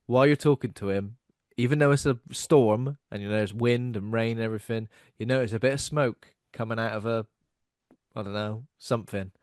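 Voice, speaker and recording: A man co-hosting a podcast, chatting casually about a film, animated and swearing freely. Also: medium pitch, fairly quick, no echo, studio quality. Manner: animated, swearing, mock impressions. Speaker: podcast co-host.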